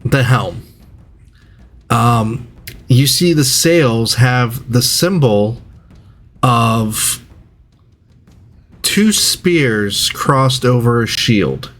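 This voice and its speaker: A man narrating a tabletop game as game master, describing scenes in a measured, descriptive way. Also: medium pitch, animated, fairly bright tone.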